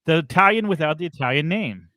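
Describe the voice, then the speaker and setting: Podcast cohost reading names off a list, wry jokes, bouncy pitch, dry sound. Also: lively intonation, fairly bright tone, no echo. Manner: reading names aloud, halting, wry asides. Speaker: podcast co-host. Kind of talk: casual chat.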